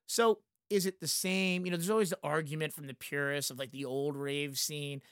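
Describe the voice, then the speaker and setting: A man in his thirties talks through a casual podcast chat, rambling and animated, with plenty of filler words. His voice sits a little high for a man. The sound is very dry and close, with no room around it. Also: normal speed, smooth, dry recording. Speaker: concert venue manager.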